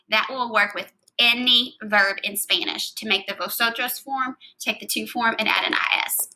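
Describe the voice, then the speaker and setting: Bright-voiced woman teaching Spanish grammar. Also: a little high, low-quality recording. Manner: patient, explains step by step, says endings aloud one by one. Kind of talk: recorded grammar lesson.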